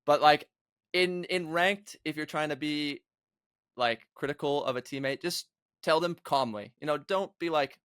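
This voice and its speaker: A man's voice: on the high side, normal speed, fairly bright tone, smooth, no room sound, clean studio sound. A young man, a guest on a gaming podcast, talking bluntly and casually with lots of filler words. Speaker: guest, competitive gamer.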